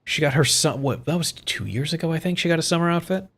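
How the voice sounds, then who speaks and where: A man giving casual live-stream commentary as streamer, excitable, swearing freely and chuckling often. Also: a little high, quick pace.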